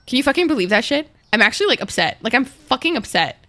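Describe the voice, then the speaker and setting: A woman's voice: a little high, big pitch swings, fast, sharp tone. Woman, gaming livestream, casual chat, swears often, talks to viewers. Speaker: streamer.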